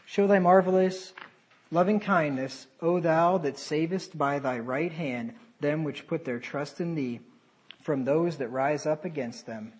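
A man preaching a sermon, animated, with sarcastic asides and sudden drops to a quieter voice. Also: on the high side, measured pace, low-quality recording.

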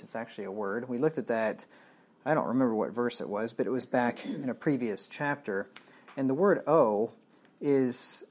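A slightly mellow, medium-pitched male voice carries this verse-by-verse sermon. The preacher is blunt and plain-spoken, reading the Bible's old wording and unpacking it in everyday terms.

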